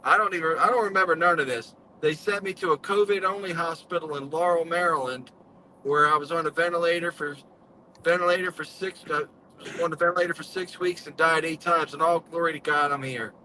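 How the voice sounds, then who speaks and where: A man's voice: fairly high pitch, brisk, sharp tone, slight background noise, rough recording. A man earnestly telling his story in casual live-stream chat, with folksy speech.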